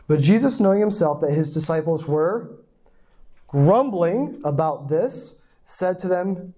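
Male pastor, sermon, mellow warm tone, chatty teaching with asides. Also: fairly high pitch, lively intonation, measured pace. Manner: conversational teaching, rhetorical asides; voices the crowd's lines with mock indignation.

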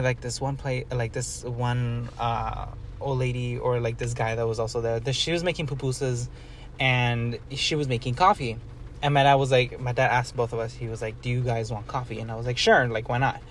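A man's voice: medium pitch, a little hiss or hum. A young man rambling through a casual story, full of "like" and casual swearing, talking as a co-host.

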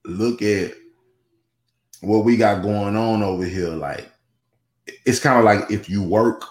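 Slow and fairly low-pitched, with a darkish tone, a man rambles as a guest in a casual podcast conversation. His talk is full of restarts, asides and "you know what I'm saying." There's a roomy echo.

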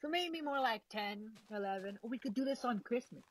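Giggly young woman with a lively voice. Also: fairly high pitch, brisk, no room sound, low-quality recording. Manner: giggly, rambling, lots of fillers; eating while talking. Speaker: vlogger. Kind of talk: casual chat.

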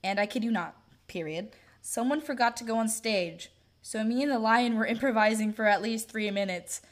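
A woman's voice: a little high, normal speed. A young woman co-hosting a podcast, chatting casually, rambling with lots of fillers and giggles. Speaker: podcast co-host. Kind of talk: casual chat.

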